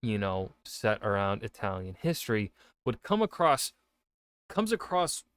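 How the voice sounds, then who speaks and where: Author guy rambling through a reaction, low smooth voice, dry close sound. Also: very animated, unhurried, fairly bright tone, no room sound. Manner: rambling, lots of fillers and self-corrections. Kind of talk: casual reaction commentary.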